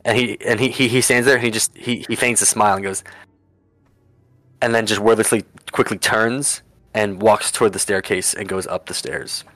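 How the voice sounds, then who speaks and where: A man's voice: lowish voice, fairly even intonation, moderate pace, a bit bright, dry recording, soft background music. A man narrating a tabletop game as game master, with many restarts and fillers.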